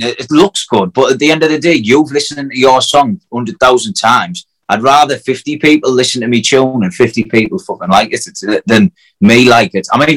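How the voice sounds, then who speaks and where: A man's voice: medium pitch, rough recording. Man, Hartlepool accent, singer-songwriter, casual chat, swearing, filler-heavy. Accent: Hartlepool, North East England. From Hartlepool, England. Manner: swearing, fast, lots of fillers. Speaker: acoustic singer-songwriter guest.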